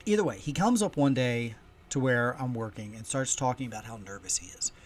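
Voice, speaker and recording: A man hosting a casual solo podcast from home, chatty and storytelling, with loudness that swings often. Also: medium pitch, expressive, brisk. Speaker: podcast host. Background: faint ambience of heating and kids upstairs.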